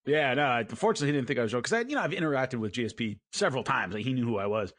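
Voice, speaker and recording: A man co-hosting a casual sports podcast, telling stories with lively acted-out quotes. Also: mid-range voice, racing, no room sound, clean studio sound. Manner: animated storyteller, acts out quotes. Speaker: podcast co-host and MMA commentator.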